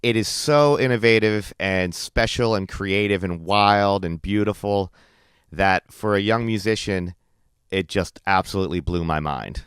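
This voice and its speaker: A man's voice: on the low side, unhurried, fairly bright tone, clear, resonant tone, no room sound, clean studio sound. A man hosting his channel, giving a casual track-by-track album review with enthusiastic, chatty talk. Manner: enthusiastic, chatty, lots of "like" and "crazy". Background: the album's music playing under the talk.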